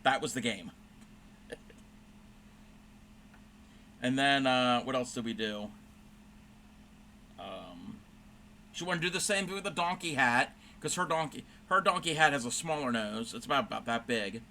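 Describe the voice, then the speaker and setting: A man's voice: mid-range voice, animated, unhurried, long pauses, bright, forceful tone, a little hiss or hum. A man hosting a crafting livestream, telling a rambling story in casual chat with fillers and self-corrections while he stitches.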